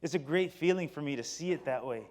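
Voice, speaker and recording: A middle-aged man tells personal stories to an audience at a company talk. His voice sits a bit high for a man, and he is animated, rising into loud excited bursts and dropping low and quiet for the serious parts. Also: fast talker. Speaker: company speaker. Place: stage before an audience.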